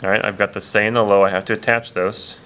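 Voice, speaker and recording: Bright-toned man teaching a lesson. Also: on the low side, quick pace, a little hiss or hum. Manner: relaxed, explains step by step with many fillers. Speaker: Spanish teacher. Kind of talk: casual video lesson.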